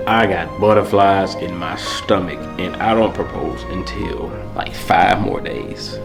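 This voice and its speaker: A young man talks straight to the camera, heartfelt and a little rambling. His voice sits on the low side, and faint music plays underneath. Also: unhurried, gravelly. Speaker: vlogger. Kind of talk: casual talk to camera.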